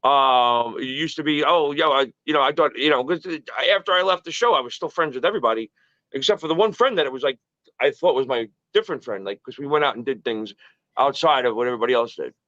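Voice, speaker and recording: A man's voice: medium pitch, fast talker, bright, forceful tone, no echo, dull audio. A man in his early forties, a podcast guest, telling stories in a casual, profane, rambling way. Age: early 40s.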